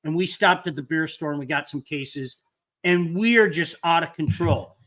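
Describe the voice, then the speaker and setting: A man hosting a casual chat with a high, bright voice. He tells stories animatedly and doubles up on words as he gets going. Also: normal speed. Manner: animated storyteller, repeats words when excited. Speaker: host.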